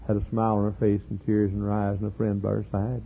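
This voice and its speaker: A middle-aged male pastor telling a story in a sermon, earnest, repeating words and building to loud emphatic peaks. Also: on the low side, completely flat delivery, fast, gravelly, slight background noise. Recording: tinny lo-fi sermon tape.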